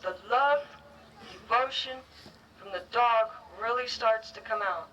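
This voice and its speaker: An earnest woman delivers a heartfelt graduation speech in short, halting phrases, her voice bright and a little high. She is picked up from some distance, with a faint hiss behind her. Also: lo-fi sound. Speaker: guide dog school graduate giving a speech. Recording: distant, faintly noisy ceremony recording.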